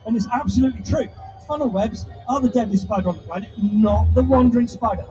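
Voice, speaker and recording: A man's voice: very high voice, fast talker. A man presenting a live animal show to an audience, chatty and teasing with a playful showman's patter. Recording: distant mic, dull sound, music behind.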